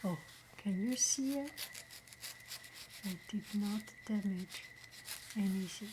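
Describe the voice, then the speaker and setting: A woman who speaks slowly and gently, often half-whispering, as she opens and reacts to fan mail in an unboxing vlog. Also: medium pitch, background noise. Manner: slow, gentle, often whispering, easily moved. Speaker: vlogger opening fan mail. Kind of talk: soft-spoken unboxing vlog.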